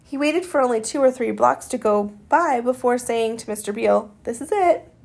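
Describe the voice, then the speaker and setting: A woman reading a novel aloud, expressive and dramatic in her storytelling. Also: fairly high pitch, normal speed, gravelly. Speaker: audiobook reader.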